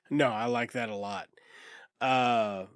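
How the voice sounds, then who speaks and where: A man's voice: mid-range voice, dry recording. Male podcast co-host, casual movie chat, swears and laughs a lot, dry close mic. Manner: profane, laughs often, acts out characters.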